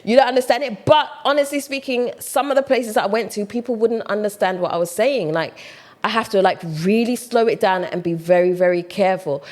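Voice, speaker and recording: A woman with a British accent, talking casually to camera in a chatty, animated way. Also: fairly high pitch. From United Kingdom. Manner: chatty, animated, mimics other voices. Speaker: vlogger.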